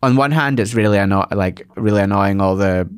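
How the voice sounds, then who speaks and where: A Scottish man, a guest comedian, telling stories in casual chat with lots of quick restarts. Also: lowish voice, clear, resonant tone. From Scotland. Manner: rambling storyteller with quick restarts.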